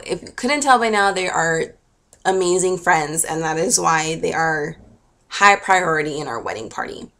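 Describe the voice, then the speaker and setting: Young woman vlogger, low-pitched, chatty and emotional storyteller. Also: lively intonation, normal speed, pushed and bright. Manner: gushing and emotional, chatty with many fillers. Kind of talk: casual storytelling to camera.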